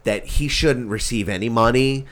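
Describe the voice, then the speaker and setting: A man's voice: mid-range voice, moderate pace, fairly bright tone. A man co-hosting a podcast, arguing heatedly in a comedic debate, cursing and interrupting into a studio mic. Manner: profane, interrupting, repeats himself. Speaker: podcast co-host. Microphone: studio microphone.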